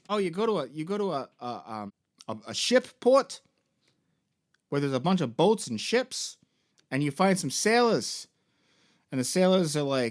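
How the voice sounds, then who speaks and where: A young man hosts a casual game-story recap, rambling along with plenty of ums and swearing. His voice sits a bit higher than most men's. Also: lively intonation, normal speed. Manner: rambling, profane, full of fillers. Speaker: toy and game store host.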